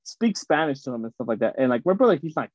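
A man co-hosting a casual podcast chat, rambling through animated stories with lots of fillers. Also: medium pitch, fast talker, no echo, lo-fi sound. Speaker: podcast co-host.

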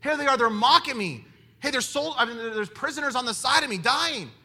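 A man preaching a sermon in an animated way, firing rhetorical questions at his listeners. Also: very high voice, brisk. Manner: animated, asks the audience many rhetorical questions.

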